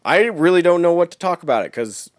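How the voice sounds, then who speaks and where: A man co-hosting a casual gaming podcast, laid-back and quick to laugh, swearing casually and often answering with short agreements. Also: a little high, animated, no echo, studio quality. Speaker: podcast co-host. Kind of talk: casual chat.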